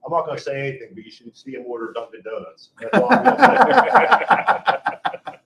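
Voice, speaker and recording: A man's voice: medium pitch, very animated, normal speed, fairly bright tone, distant mic. A man co-hosting a podcast in casual chat, blunt and prone to repeating himself. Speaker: podcast co-host, fire chief officer. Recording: echoey room, set back from the mic, dull and slightly noisy.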